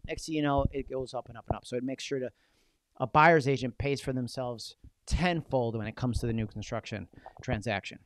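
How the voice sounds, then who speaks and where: A man coaching real estate agents in an energetic, punchy seminar talk full of rhetorical questions. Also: medium pitch, a little fast, slight background noise.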